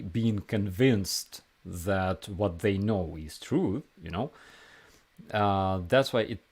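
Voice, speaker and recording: A young man talks to camera in casual commentary, mocking his subject. His voice is low and his delivery slow and halting, with many fillers between words. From Ukraine. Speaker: video blogger.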